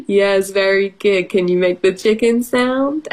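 A woman's voice: medium pitch, takes it slowly, darkish tone, low-quality recording. A woman reading a farm picture book to children as an English lesson, asking questions and making playful animal sounds. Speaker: storybook reader and English teacher.

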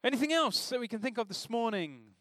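A man's voice: very high voice, animated, brisk, a bit bright, no echo, clean studio sound. A man preaching an informal sermon in a church, talking conversationally and asking the congregation questions.

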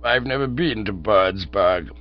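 A man's voice: fairly low pitch, measured pace, natural voice. A man doing a stiff, outraged old duke. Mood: puzzled. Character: indignant elderly English duke, stiffly formal. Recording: dull audiobook recording with mains hum.

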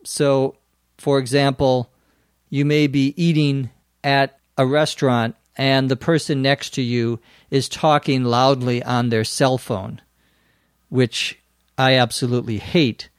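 A man's voice: mid-range voice, level tone, slow pace, smooth, no room sound. A man hosting an English-learning podcast, patiently explaining words with a bit of dry humour. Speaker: English teacher, podcast host. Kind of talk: explaining a lesson.

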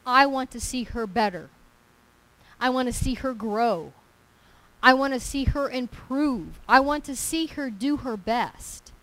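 A woman's voice: high-pitched, measured pace, a bit bright, no room sound, rough recording. A woman preaching a sermon in an emphatic, conversational way, repeating her phrases for weight.

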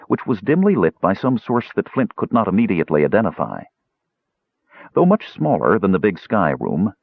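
A man with a husky voice narrating a fantasy audiobook in a measured, expressive way. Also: lowish voice, dry recording, narrow, tinny audio.

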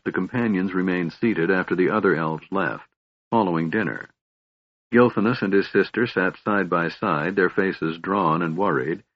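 A man narrating a fantasy audiobook in a measured, even storytelling manner. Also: low-pitched, breathy edge, no room sound. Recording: dull, lo-fi dry audiobook recording.

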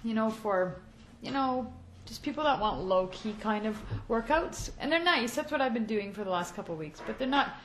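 A woman's voice: on the high side, animated, moderate pace, hardly any pauses, slight background noise, low-quality recording. A woman hosting a podcast in casual, chatty talk from a small home office studio. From Canada. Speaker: podcast host.

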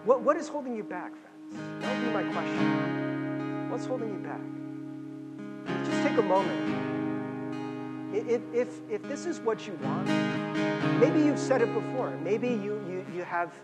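A man preaching a sermon as a pastor, talking in a casual, animated way with frequent restarts and fillers. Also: high-pitched, a little slow, long pauses, big-room sound, loud music behind the voice.

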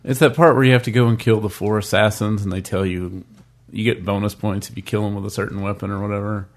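A man in casual conversation, excitedly recounting something that happened to him in a video game. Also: lowish voice, fast talker. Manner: storytelling, excitable, quotes himself. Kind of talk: casual chat about video games.

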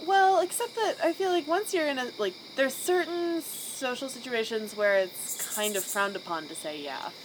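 A woman's voice: sits high, lively intonation, moderate pace, hardly any pauses, poor audio. A woman co-hosting a podcast, speaking bluntly and emphatically with frequent swearing. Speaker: podcast co-host. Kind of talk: casual podcast chat. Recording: podcast recording with audible background noise.

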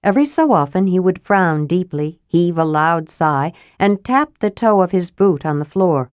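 A woman narrating an audiobook in an even storytelling manner, close to the mic. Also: lowish voice, normal speed, clean tone, no room sound. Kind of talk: scripted narration.

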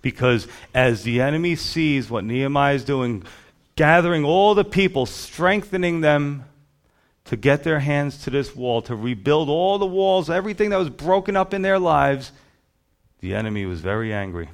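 A man's voice: fairly high pitch, lively intonation, normal speed. A man preaching a sermon as a pastor, emphatic, with rhythmic lists.

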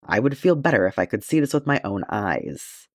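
A man's voice: lowish voice, big pitch swings, normal speed, no room sound, studio quality. Man reading as a stern shield maiden. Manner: terse, stiff. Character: stern young woman, a warrior noblewoman. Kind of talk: audiobook reading.

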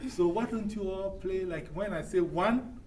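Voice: mid-range voice, normal speed, a little hiss or hum. A drum teacher leading a group class, patiently calling out strokes for the students to play. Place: room with drumming students. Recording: echoey room, mic at a distance, loud drumming.

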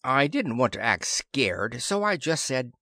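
A man reads a science fiction story in the first person, his pitch rising and falling with the action. The sound is dry and close, with no room around it. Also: unhurried, dry recording. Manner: lively first-person storytelling, voices characters. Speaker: audiobook narrator. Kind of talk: scripted narration.

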